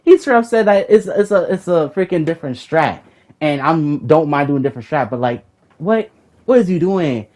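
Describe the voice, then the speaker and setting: A man's voice: on the high side, animated, moderate pace, darkish tone. Fired-up, foul-mouthed young man. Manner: profane, rambling, repeats himself when worked up. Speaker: gamer recounting a raid group argument. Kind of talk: heated casual storytelling.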